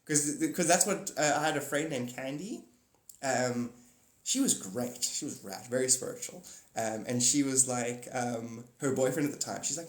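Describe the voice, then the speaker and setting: A man's voice: medium pitch, expressive, moderate pace. A man hosting a livestream, rambling casually about spirituality and laughing often. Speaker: livestream host. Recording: echoey room.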